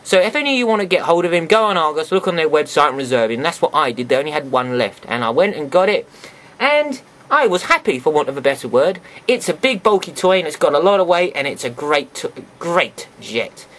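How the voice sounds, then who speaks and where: A man's voice: a little high, animated, fairly quick, fairly bright tone. A man chatting casually as he reviews a toy for his viewers, full of sarcastic asides.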